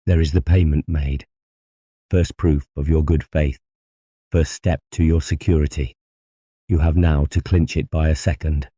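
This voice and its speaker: A man voicing a cold, scheming male doctor who talks calmly and persuasively. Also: rumbling low, slightly rough, dry recording, lo-fi sound, full character voice. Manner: calm, measured, coaxing.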